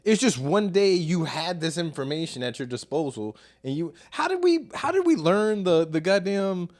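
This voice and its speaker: A man from Chicago, a comedian guest, telling stories in a casual podcast chat with sudden loud bursts. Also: sits high, normal speed. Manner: animated, profane storytelling with sudden loud bursts.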